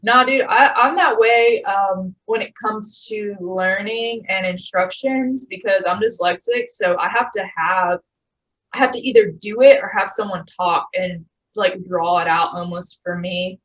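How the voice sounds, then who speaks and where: A young woman in her twenties hosting a podcast in casual chat, animated and quick to get excited, swearing casually. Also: mid-range voice, low-quality recording. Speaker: podcast host.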